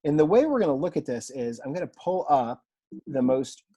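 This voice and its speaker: A man teaching a recorded online language lesson in a relaxed, chatty way, with fillers and asides, from a room at home. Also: fairly high pitch, brisk. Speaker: Greek teacher.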